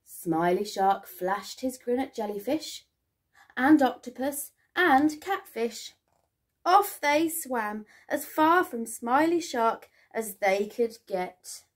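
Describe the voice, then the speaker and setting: A woman teacher reading a picture book aloud to young children in a sing-song, expressive storytelling manner. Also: a little high, slow pace.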